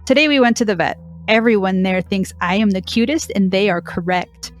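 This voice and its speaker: A woman's voice: medium pitch, fairly quick, faint music behind, lightly acted. A woman reading as a sassy deaf dog. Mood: wry. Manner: dry, mock-dramatic diary reading. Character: sassy deaf female cow dog, dramatic.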